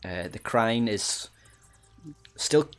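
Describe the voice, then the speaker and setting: Deep-voiced guy running a tabletop game, lots of ums and restarts. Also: expressive, drawn-out words, clear, resonant tone. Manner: hesitant, many ums and restarts. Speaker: game master.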